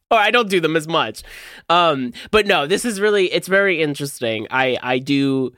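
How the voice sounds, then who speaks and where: Male podcast co-host, chatty and animated, bright tone, dry close sound. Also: fairly high pitch, moderate pace, dry recording. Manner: animated, chatty, laughs often. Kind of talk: casual chat.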